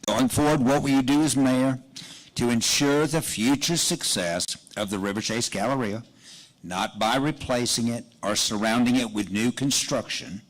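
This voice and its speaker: A man's voice: medium pitch, poor audio. A man moderating a candidate forum, reading out questions in a businesslike way.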